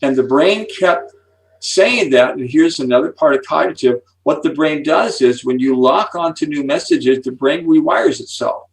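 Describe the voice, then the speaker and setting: A gravelly-voiced man in his seventies explains with animated enthusiasm, building suspense before each key point like a seasoned speaker. His voice sits a little back from the microphone. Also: on the high side, normal speed, far from the mic, rough recording. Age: 70s. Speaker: psychology speaker and author, interview guest.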